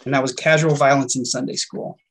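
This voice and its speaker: A man's voice: mid-range voice, steady tone, brisk. A young man, a poet and student, speaking earnestly in a webinar panel conversation over a video call.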